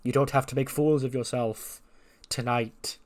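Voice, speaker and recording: A man plays an arrogant ring champion who speaks slowly and with contempt. Every line drips with cold superiority. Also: mid-range voice, steady tone, close to an everyday voice. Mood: contemptuous.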